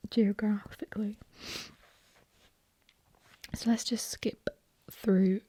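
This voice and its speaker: A woman's voice: medium pitch, fairly even intonation, measured pace, long pauses, dark tone, no room sound. A young English woman whispering ASMR chat, rambling and opinionated, a little sniffly, recorded ear to ear on a binaural mic. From England. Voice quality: breathy whisper. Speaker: ASMR host.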